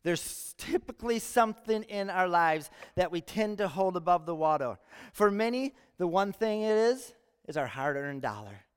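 High, clear-voiced man preaching in a church. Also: animated, moderate pace. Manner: storytelling with acted-out voices in jokes. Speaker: pastor. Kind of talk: sermon. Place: church sanctuary. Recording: reverberant church sanctuary.

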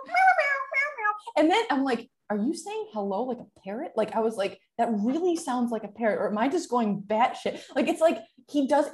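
A woman's voice: mid-range voice, a little mellow. A young adult woman telling a story in a casual chat, chatty and full of fillers, often laughing.

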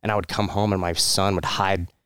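A man's voice: low voice, flat delivery, brisk, a bit bright, clean tone, dry recording, clean studio sound. A man, a military veteran, telling his personal story in a candid, rambling way, with many fillers, restarts and short laughs.

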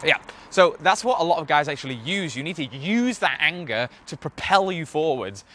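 A man's voice: fairly high pitch, lively intonation, normal speed, bright, forceful tone, slight background noise. A young man hosting a podcast, talking in a loose, rambling, profane monologue full of filler words. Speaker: podcast host. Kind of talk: casual monologue.

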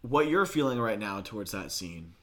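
A man's voice: big pitch swings, moderate pace. A man co-hosting a casual chat, teasing and playful as he asks questions. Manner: teasing, playful questioner with wide swings in pitch.

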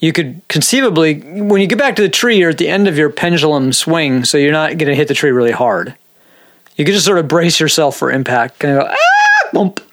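A man's voice: on the high side, fairly quick, fairly bright tone. A man from Minnesota hosting a podcast, rambling through jokey stories and chatting casually with his co-host. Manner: rambling, jokey storytelling with laughs.

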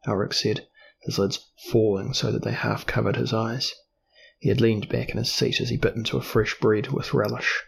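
Gravelly man narrating a fantasy novel. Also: mid-range voice, steady tone, moderate pace, fairly bright tone. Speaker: audiobook narrator.

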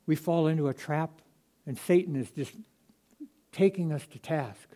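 Male pastor preaching, loud then hushed. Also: on the high side, a little slow. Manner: swings from loud emphasis to hushed quiet. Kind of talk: sermon.

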